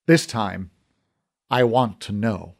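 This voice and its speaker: A man voicing an old, troubled archer who speaks slowly, in a low and halting way. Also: gravelly. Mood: brooding. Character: old troubled male archer, gruff and brooding.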